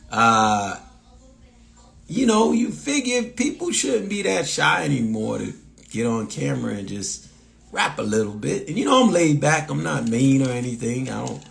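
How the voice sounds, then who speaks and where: This Massachusetts man has a local accent and a mid-range voice with vocal fry. He's a comedian hosting a casual live stream, rambling through lots of fillers and restarts while reading viewer comments aloud.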